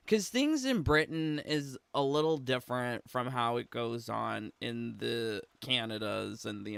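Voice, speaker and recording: A man's voice: fairly high pitch, vocal fry, a bit bright, dry recording. A man giving casual reaction commentary on a video clip, rambling and swearing between frequent giggles.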